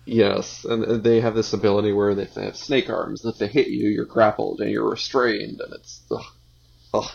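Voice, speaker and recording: A man co-hosting a podcast, chatting hesitantly with many pauses, on a muffled, lo-fi mic. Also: on the low side, little pitch movement, vocal fry, a little mellow, slightly rough. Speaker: podcast co-host. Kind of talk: casual chat.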